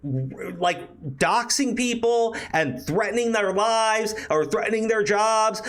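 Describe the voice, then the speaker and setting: A young man hosting online commentary, talking in a profane, incredulous, animated way with lots of fillers. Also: high-pitched, takes it slowly. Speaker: commentary host.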